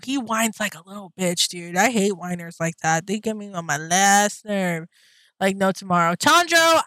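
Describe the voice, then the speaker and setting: A woman's voice: a little high, fairly bright tone, no room sound, low-quality recording. A young woman chatting casually as a vlogger, rambling and slangy and swearing freely. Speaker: anime vlogger. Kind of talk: casual chat.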